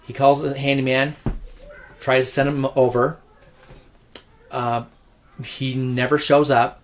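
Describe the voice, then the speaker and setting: A man's voice: medium pitch, flat delivery, normal speed, long pauses. Middle-aged male real estate agent, casual storyteller, restarts often, mid-range voice, faint noise behind. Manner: rambling, frequent restarts and repeated words.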